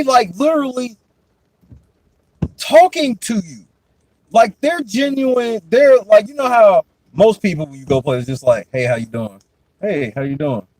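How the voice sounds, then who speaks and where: A young man and podcast host telling stories in a casual chat, profane and animated, often breaking into laughter. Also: sits high, no room sound, low-quality recording.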